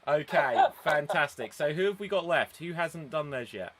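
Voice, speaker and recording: A man hosting a live-streamed improv show over a video call, brisk and chatty, laughing often as he runs the votes. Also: a little high, animated, fairly bright tone.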